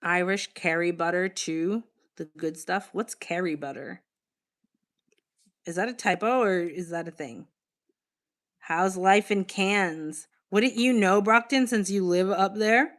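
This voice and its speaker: Slow and lowish, with a slightly bright tone, a woman from Boston hosts a relaxed livestream. She speaks candidly and responds to audience comments while reading them aloud.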